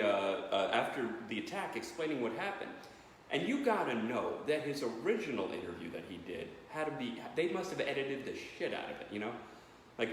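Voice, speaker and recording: A man doing stand-up comedy in a family living room, telling rambling stories that turn loud and profane. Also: mid-range voice. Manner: rambling storytelling, loud and profane when acting out bits. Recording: echoey room, faint background noise.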